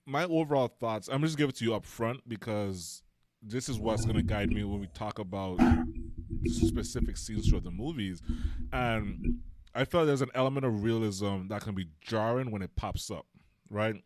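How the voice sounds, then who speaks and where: A man's voice: fairly low pitch, normal speed, darkish tone, dry recording, clean studio sound. A man co-hosting a podcast, chatting casually about a film and acting out scenes now and then. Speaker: podcast co-host.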